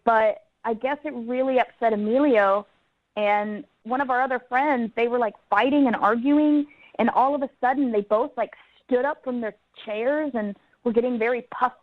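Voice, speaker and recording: A woman's voice: fairly high pitch, normal speed, no room sound. Chatty woman caller on a dull phone line. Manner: giggly, chatty storytelling. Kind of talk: phone-in chat.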